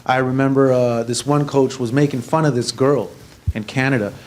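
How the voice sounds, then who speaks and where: A man's voice: mid-range voice, fairly even intonation, moderate pace, a little mellow, a little hiss or hum. A man in his thirties from the congregation, sharing a story casually, with fillers. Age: 30s. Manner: conversational, with fillers. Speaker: congregation member. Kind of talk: casual testimony.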